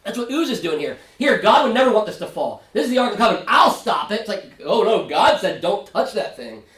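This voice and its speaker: A man pastor teaching a Sunday school Bible study, animated, acting out biblical characters in quick asides. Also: high-pitched. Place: church classroom. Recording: echoey room, mic at a distance.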